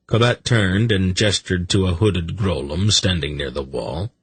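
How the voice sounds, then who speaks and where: Deep, gravelly male audiobook narrator. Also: dry recording. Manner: slow, measured, dramatic. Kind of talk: scripted narration.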